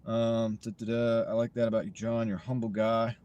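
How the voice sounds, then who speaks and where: A man's voice: mid-range voice, little pitch movement, a little fast, a little mellow, smooth, dull audio. Joking American man chatting on a livestream. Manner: joking, rambling, talks to chat. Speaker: livestreaming gig-delivery driver. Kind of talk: casual livestream chat reading comments. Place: parked car. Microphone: wireless mini clip-on mic.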